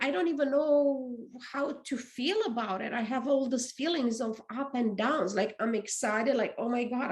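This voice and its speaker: Woman, non-native English accent, slightly high voice, unhurried, earnest, reflective podcast monologue. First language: not English. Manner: earnest, reflective, repeats words, restarts phrases. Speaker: podcast host. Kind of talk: casual motivational monologue. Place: apartment.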